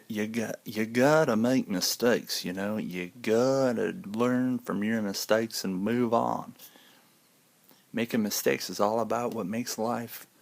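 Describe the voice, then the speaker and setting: A man with a low, gravelly voice talks straight to camera in a loose, rambling monologue. He jokes, drifts off on tangents and comes back around. The sound is dry and close, with no room echo. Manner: rambling, goes off on tangents, jokey. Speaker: vlogger.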